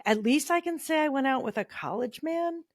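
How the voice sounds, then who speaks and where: Lively, profane woman reading her old diary. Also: high voice, moderate pace, no room sound. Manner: animated, profane, self-mocking. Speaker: podcast co-host.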